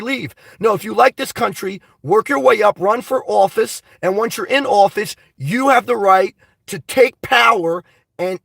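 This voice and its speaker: A man hosts a casual live stream and rambles animatedly as he answers his viewers. His voice sits high and has a gravelly edge. He is heard from a bit away from the mic in a dry room. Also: a bit bright, no room sound, far from the mic. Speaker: live stream host reading viewer comments.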